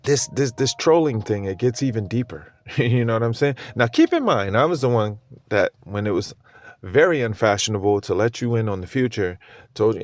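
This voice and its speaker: A man's voice: fairly low pitch, expressive, moderate pace, no room sound, clean studio sound. A tired man giving a profane, slang-heavy, meandering crypto monologue, with brain fog and many restarts. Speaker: crypto commentator. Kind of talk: rambling monologue.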